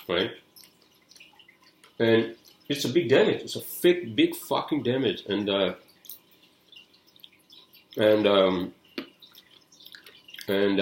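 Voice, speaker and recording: A man hosting a podcast, telling a casual, rambling story full of swearing, getting louder when he is worked up. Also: lowish voice, reverberant. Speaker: podcast host.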